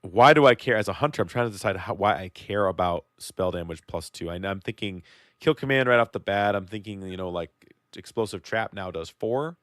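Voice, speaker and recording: Deep-voiced midwestern man, joking. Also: fairly quick, fairly bright tone, no echo, clean studio sound. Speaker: podcast co-host. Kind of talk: casual chat about a card game.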